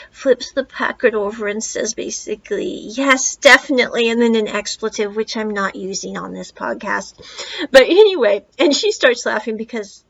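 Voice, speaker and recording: A woman in her thirties talks through a film review on her own podcast, rambling from aside to aside. Her voice sits a little high. The recording is dull and lo-fi. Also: vocal fry, a bit bright, husky. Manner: chatty, rambling with asides and quoted dialogue. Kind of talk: casual solo movie review.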